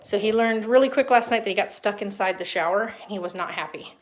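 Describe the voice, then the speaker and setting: A fast-talking young woman with a mid-range voice films a relaxed tour of her house, indoors and out in the yard. She rambles casually as she goes and speaks baby talk to her cats.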